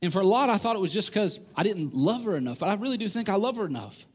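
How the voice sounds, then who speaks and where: A man with a high, light voice preaches an earnest sermon to a room of men. He is animated and acts out the voices he quotes. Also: fast, slightly rough. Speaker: pastor.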